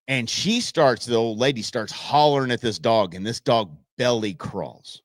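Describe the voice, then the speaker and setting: A man's voice: mid-range voice, moderate pace, few pauses, dry recording, studio quality. A man who grew up in Southern California and Arizona, hosting a live show and telling a rambling neighborhood story full of folksy sayings. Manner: rambling, animated anecdote with folksy idioms. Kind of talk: casual storytelling on a live stream.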